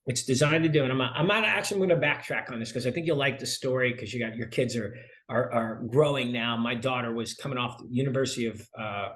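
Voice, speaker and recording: A middle-aged man speaks as an interview guest about sales. He tells stories with energy and acts out the back-and-forth of conversations. His pitch sits in the middle range for a man. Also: fast talker, few pauses. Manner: animated storyteller, acts out dialogue.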